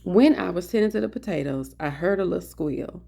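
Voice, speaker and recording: A woman vlogger telling a funny story in a casual, animated way, calling her viewers "honey" as she talks from an indoor office. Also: lowish voice, a little fast, gravelly.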